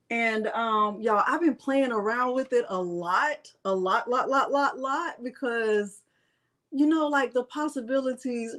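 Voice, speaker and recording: A middle-aged woman hosting a crafting livestream, chatting casually and playfully as she calls out viewers by name. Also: fairly high pitch. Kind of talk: casual live-stream chat.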